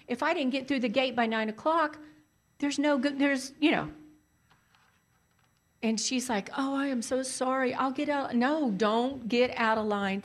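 Animated woman telling a story. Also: on the high side. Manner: animated, emphatic, repeats for emphasis. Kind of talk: casual storytelling.

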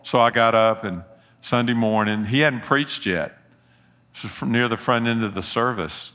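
A man's voice: mid-range voice, moderate pace, a bit bright. A middle-aged man, preaching a sermon and telling folksy personal stories with earnest appeals. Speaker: pastor.

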